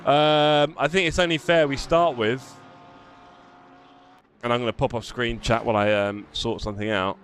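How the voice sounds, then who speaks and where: A man's voice: medium pitch, steady tone, moderate pace, long pauses, a bit bright. Guy hosting a sim racing stream from home, chatty and upbeat, little bit of noise in the background. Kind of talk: live race commentary and chat.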